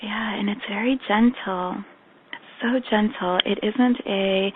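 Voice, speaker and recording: Gravelly woman leading a guided meditation. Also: mid-range voice, measured pace, slight background noise. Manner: soft, gentle, affirming. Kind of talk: guided meditation on a group call. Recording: tinny phone-line call audio.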